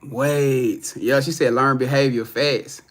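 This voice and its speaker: A man's voice: mid-range voice, fairly even intonation, slow pace, a bit bright. A young man chatting casually on a live stream as a psychic reader, loose and profane, rambling with many restarts and reading out viewers' comments.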